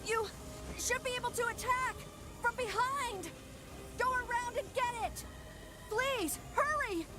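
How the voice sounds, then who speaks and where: Woman as a shy young boy, very high voice, hesitant, game music behind. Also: measured pace. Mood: urgent. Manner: hesitant, anxious. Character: timid young boy, gentle and brave. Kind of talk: video game voice acting.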